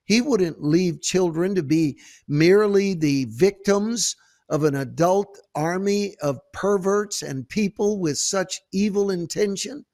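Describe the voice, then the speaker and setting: A man hosting a Christian talk show, telling stories in a fervent, preacherly way with halting restarts, on a close mic. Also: sits high, darkish tone, no echo. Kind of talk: preacherly storytelling and interview.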